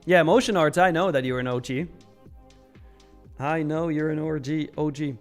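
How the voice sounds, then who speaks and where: A man's voice: a little high, steady tone, moderate pace, creaky, soft background music. A young Swiss man casually hosting a live trading stream, chatting, reading out chat messages and laughing often. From Switzerland.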